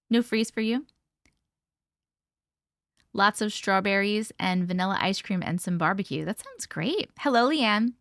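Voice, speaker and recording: A woman's voice: medium pitch, animated, unhurried, pauses often, fairly bright tone, dry recording, clean studio sound. A young woman hosting a casual livestream, greeting viewers by name and chatting, short on sleep. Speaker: livestream host. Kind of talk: casual live-stream chat.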